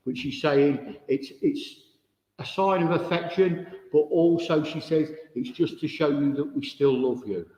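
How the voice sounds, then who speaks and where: A man's voice: on the high side, unhurried, darkish tone. A man, a spiritualist medium giving a chatty, direct demonstration to an audience in a village hall, with no microphone. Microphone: no microphone, room recording. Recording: echoey hall, dull, no microphone.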